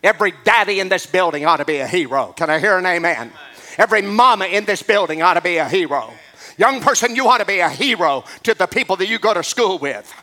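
High, bright-voiced preacher man. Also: lively intonation, fast. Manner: impassioned preaching, building to shouts. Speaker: pastor. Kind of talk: sermon.

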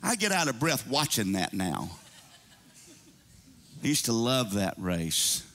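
A man preaching a sermon to his church, animated and climbing into high excited calls. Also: slow pace. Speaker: pastor.

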